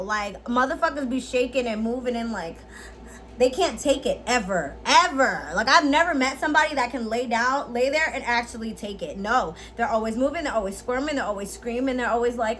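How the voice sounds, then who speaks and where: A woman in her twenties giving a casual, slangy tutorial as a vlogger, animated and quick to laugh. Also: a little high, slight background noise. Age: 20s.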